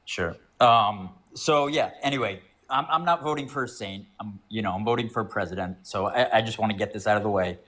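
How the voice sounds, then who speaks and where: A man's voice: lowish voice, brisk, hardly any pauses, a bit bright. A man calling into a live stream debate, making his case hesitantly with many fillers. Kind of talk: casual argument.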